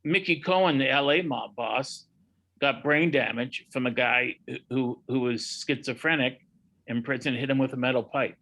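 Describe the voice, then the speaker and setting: A boxing historian tells anecdotes in a casual chat, acting out quotes with lively energy. His voice is bright and forceful, at an ordinary male pitch. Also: moderate pace, rough recording. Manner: animated anecdotes with acted-out quotes.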